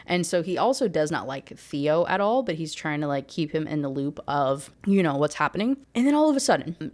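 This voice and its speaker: A woman's voice: low-pitched, darkish tone. A woman giving a casual rant review of a book, rambling and heavy on fillers.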